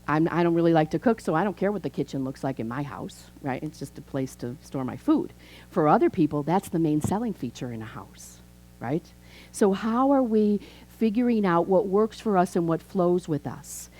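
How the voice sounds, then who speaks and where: Animated and moderately paced, a woman in her fifties with a lowish, darkish voice preaches a conversational sermon. The Chicago minister tells stories and acts out dialogue, though the audio is poor.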